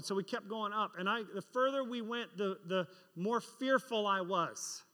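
A man's voice: high voice, moderate pace, hardly any pauses, sharp tone. A man preaching a sermon and telling a story from his life, acting out the voices of the people in it. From England. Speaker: pastor. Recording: reverberant hall.

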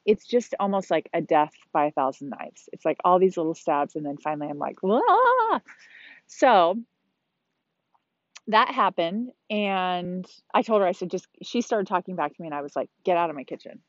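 A woman's voice: lowish voice, no room sound. Frank, exasperated woman venting on a podcast. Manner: candid and exasperated, venting with mild swearing. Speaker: podcast host. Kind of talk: casual solo monologue. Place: outdoors on a beach. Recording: dull, slightly lo-fi sound.

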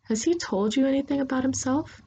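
A woman voicing a calm, blunt woman monk who speaks slowly and plainly. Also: high voice, a little hiss or hum, pitched above the performer's own voice. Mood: calm, wry. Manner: slow, measured and blunt.

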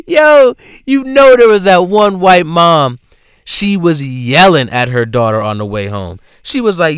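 A man giving casual commentary in a profane, animated way, swinging between loud outbursts and low asides. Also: unhurried, smooth, dry recording, clean studio sound. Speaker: vlogger.

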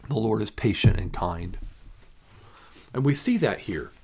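A man's voice: lowish voice, lively intonation, a little slow, vocal fry, a little mellow, breathy edge. A man, a pastor, reads scripture aloud and then comments on it in an emphatic, conversational devotional. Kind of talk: Bible reading and devotional commentary.

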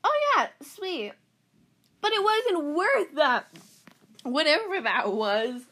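A woman talks on her own podcast in an unhurried, drawn-out way. Her voice sits high and leaps up and down with every reaction, and she breaks into giggles mid-sentence. She is dramatic and casual, now and then dropping to a soft whisper. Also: big pitch swings, rough recording. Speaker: podcast host. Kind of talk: casual solo podcast chat.

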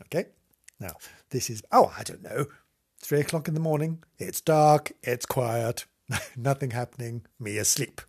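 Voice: medium pitch, measured pace, a little mellow, breathy edge. A host giving a rambling, theatrical comic monologue, giggling, mocking themself and drifting off on tangents.

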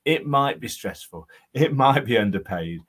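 A man's voice: medium pitch, lively intonation, moderate pace, fairly bright tone. A man, an estate agent co-hosting a casual podcast chat, telling jovial self-deprecating stories with plenty of ums.

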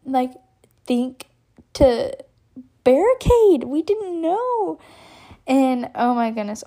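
A young woman from Texas telling a personal story on her podcast in a chatty, animated way, full of fillers and little laughs. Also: on the high side. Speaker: podcast host. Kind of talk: casual storytelling.

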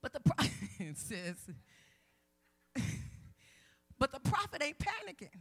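A woman guest minister preaching a sermon at a women's conference, swinging from low asides to loud shouted calls, with playful jabs at the congregation. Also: big pitch swings, slow pace.

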